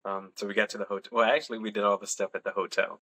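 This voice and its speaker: A young adult man and podcast co-host, casually telling a personal story in a relaxed, chatty way and laughing along. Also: lowish voice, rapid-fire.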